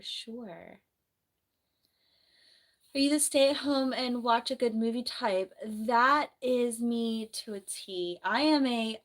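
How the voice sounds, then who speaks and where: Chatty young woman from New Jersey. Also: medium pitch. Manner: rambling, chatty, reads viewer comments aloud. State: slightly hoarse from the flu. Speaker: nurse and livestream host. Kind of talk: casual livestream chat. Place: bedroom at home.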